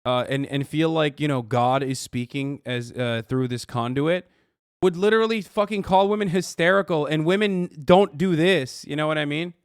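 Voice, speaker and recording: Male streamer host, slightly high voice, dry close sound, swears a lot and sounds disbelieving. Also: normal speed, clean tone, no echo. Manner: profane, incredulous, mocking. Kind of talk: reaction commentary.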